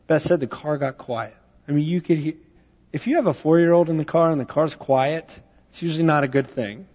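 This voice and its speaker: A man's voice: fairly high pitch, a little fast, a little mellow. Man preaching in a reverberant church. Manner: conversational storytelling with fillers. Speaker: pastor. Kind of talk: sermon. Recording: dull sound with long hall reverb.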